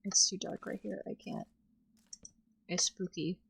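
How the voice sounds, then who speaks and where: Gravelly, slow-talking woman streamer. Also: medium pitch, little pitch movement, fairly bright tone, slight background noise. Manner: jittery, talks to herself, easily spooked. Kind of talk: casual gameplay commentary.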